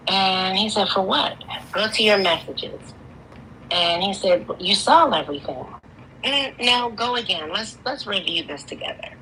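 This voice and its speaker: A woman's voice: mid-range voice, creaky, slight background noise, poor audio. A woman of forty with a Philadelphia accent, telling her story to a live show and acting out the others in it. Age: 40s. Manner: animated, acts out voices of others in her story. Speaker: caller. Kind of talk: casual storytelling on a live call.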